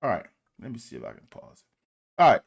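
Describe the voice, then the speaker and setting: A man giving casual commentary on football game film. He talks to viewers directly and critiques the plays in an animated, exasperated way, with swearing. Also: mid-range voice, fairly quick, gravelly, husky. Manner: addresses viewers directly as "y'all". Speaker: football film breakdown host.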